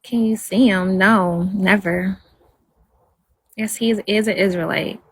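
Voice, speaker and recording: A woman talks to her viewers on a casual livestream with a husky, slightly breathy voice. She rambles in a soft-spoken way and stops to answer their comments. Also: medium pitch, fairly even intonation, a little slow.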